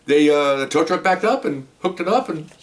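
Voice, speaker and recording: Here a policeman speaks at a normal speed in a fairly high, animated voice, rambling casually through a long tale from work. He's chatty and regularly pauses to ask his listener "okay?" The recording places his voice somewhat away from the mic.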